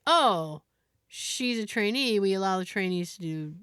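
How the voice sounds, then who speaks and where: A woman's voice: medium pitch, unhurried, clear, resonant tone, no room sound, clean studio sound. A woman co-hosting a podcast, telling a story in casual chat and acting out the people in it. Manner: animated, acts out the people in her story. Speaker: podcast co-host.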